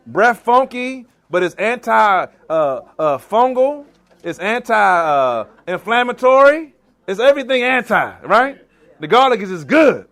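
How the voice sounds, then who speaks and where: A man from Maryland giving an animated live cooking demonstration in a church hall, teasing and quizzing his audience. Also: high-pitched, unhurried. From Maryland, US East Coast. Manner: animated, teasing, asks the crowd questions. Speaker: chef giving a cooking demo.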